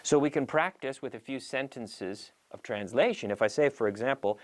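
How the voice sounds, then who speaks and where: A man hosting a language-learning show, teaching in a lively, playful way and acting out little scenes as examples. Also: mid-range voice, normal speed. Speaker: English teacher and show host. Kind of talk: bilingual language lesson.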